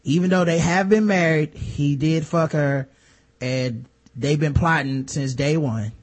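Man, high pitch, breathy husky voice, casual crude joking recap. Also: measured pace. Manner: crude, joking, slangy storytelling. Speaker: podcast host recapping a TV episode. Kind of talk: casual chat.

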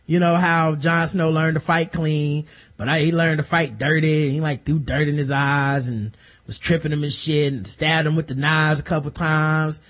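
A man's voice: on the high side, moderate pace. A man, casually recapping a TV episode and acting out characters in funny voices. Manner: animated, acts out characters with exaggerated voices and laughs. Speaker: podcast co-host.

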